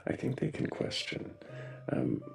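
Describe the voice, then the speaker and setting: A man hosting a live stream in casual chat, halting and repeating words as he greets viewers. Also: faint music behind. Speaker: livestream host.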